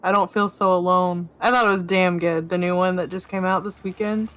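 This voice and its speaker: A woman's voice: fairly low pitch, fairly even intonation, a little fast, fairly bright tone, low-quality recording. A woman streaming a city-building game, chatting casually with friends and laughing easily. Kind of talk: casual chat while playing a game.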